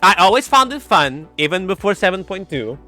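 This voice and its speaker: Streamer guy with a high voice that jumps around a lot, animated and giggly, faint music under it. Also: a little fast. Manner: animated, giggly, makes sound effects. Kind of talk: casual chat.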